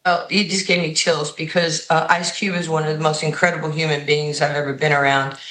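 Woman, New York accent, basketball coach, animated storyteller, bright forceful voice, roomy sound. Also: sits low, fairly quick. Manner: animated storyteller who acts out quoted voices. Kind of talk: radio and TV interview guest, storytelling.

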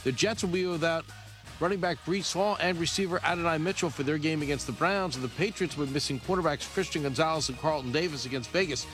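A man reading a radio sports news update, brisk and crisp. He talks very fast and sits a little high for a man. Each item comes out clipped and efficient. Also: a bit bright, faint music behind. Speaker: sportscast anchor.

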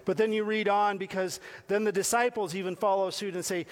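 A man's voice: high voice, level tone, brisk, hardly any pauses. A man giving a conversational sermon, talking directly to his listeners with questions and repeated phrases. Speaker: preacher.

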